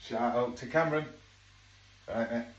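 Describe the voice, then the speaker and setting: A man's voice: mid-range voice, moderate pace. A man with a Yorkshire accent chatting casually as he cooks at home, rambling off into jokey asides. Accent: Yorkshire English. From Yorkshire, England. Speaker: home cook vlogger. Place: home kitchen. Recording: echoey kitchen, mic far off, noisy.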